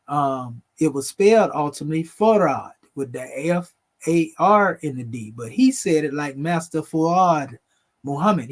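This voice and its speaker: Male host, relaxed explanatory chat over images, slightly higher-pitched, calls his audience family. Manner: conversational, addresses viewers as family. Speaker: video host presenting photos. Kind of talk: casual explanatory talk over pictures.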